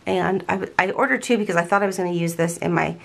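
A woman's voice: lowish voice, fast, vocal fry. An older woman chatting casually at home about a planner haul, gushing and often restarting her sentences. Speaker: planner vlogger.

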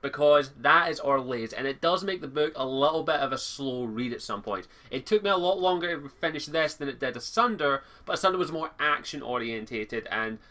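A man's voice: on the high side, animated, fairly quick, few pauses, sharp tone. A young Scottish man giving a casual book review, rambling and correcting himself often with lots of fillers.

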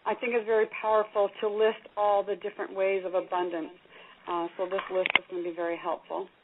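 Soft-spoken woman on a phone line. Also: medium pitch, little pitch movement, fairly quick, a little hiss or hum. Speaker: class participant. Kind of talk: sharing on a call. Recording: tinny faint phone line.

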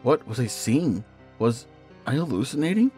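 A man narrating a first-person horror story in a measured, hushed storytelling manner. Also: mid-range voice, sing-song. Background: faint music.

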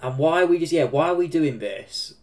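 A man with an English Midlands accent reacting to a film, excitable, swearing and laughing often. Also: on the high side, brisk, slight background noise. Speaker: reaction video host. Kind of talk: casual reaction commentary.

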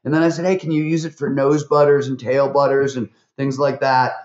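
Animated man telling stories in a roomy sound. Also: medium pitch, dull audio. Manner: animated, fast-talking, with many fillers and acted quotes. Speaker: podcast guest, author. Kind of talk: conversational interview storytelling.

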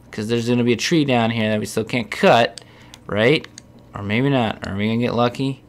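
A young man with a lowish voice commentates his gameplay casually at a moderate pace as a Let's Play host. He swears often and gets exasperated with himself, coming across as profane, self-deprecating, and easily annoyed.

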